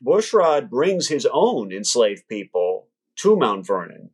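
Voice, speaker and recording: Measured man explaining history. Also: medium pitch, very animated, breathy edge. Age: adult, past law school. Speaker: author and guest. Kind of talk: interview answers.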